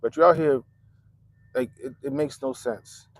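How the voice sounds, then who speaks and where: A man hosting a profane political commentary rant, mocking and animated, with sudden loud jumps and muttered asides. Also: medium pitch, a little slow. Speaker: commentary channel host.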